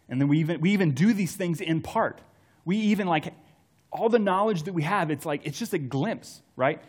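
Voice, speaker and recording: A man's voice: on the high side, animated, moderate pace. Man preaching a casual storytelling sermon. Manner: casual, storytelling, drops to soft tones for emphasis.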